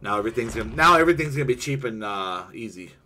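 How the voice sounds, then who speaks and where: A man's voice: medium pitch, expressive, very fast, bright, forceful tone, a little hiss or hum. A young man streaming a video game, ranting heatedly and swearing constantly in casual chat with a friend. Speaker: gaming streamer.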